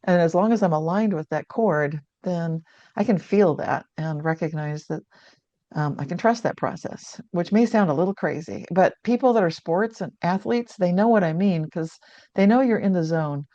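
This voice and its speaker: A woman's voice: on the low side, normal speed, mellow, no room sound. An older woman telling a personal story as a guest author, earnest and reflective, often restarting her sentences. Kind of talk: conversational storytelling. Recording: dull lo-fi sound.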